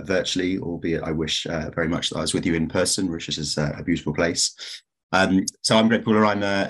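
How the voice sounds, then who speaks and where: Very deep-voiced male legal director. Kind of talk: remote panel introduction.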